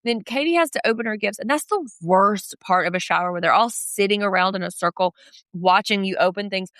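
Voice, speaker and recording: A woman's voice: medium pitch, fairly quick, no room sound, studio quality. A woman co-hosting a casual podcast, recapping a reality show and slipping into voices to quote the cast. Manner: animated, slips into quoted voices. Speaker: podcast co-host.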